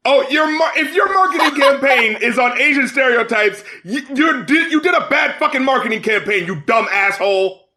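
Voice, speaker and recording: High, lively man ranting on a podcast. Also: moderate pace. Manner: heated, profane, rising to shouts. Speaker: podcast co-host. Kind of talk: casual chat.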